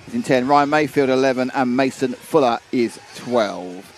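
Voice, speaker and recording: A man's voice: mid-range voice, moderate pace. A man doing live race commentary, chatty and playful, sometimes stumbling over names.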